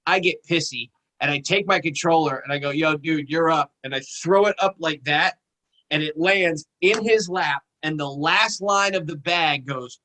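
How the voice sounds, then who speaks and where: Man, podcast co-host, animated profane storyteller, bright tense voice, slightly high. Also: moderate pace, low-quality recording. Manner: animated, profane anecdote telling. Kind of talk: casual storytelling chat.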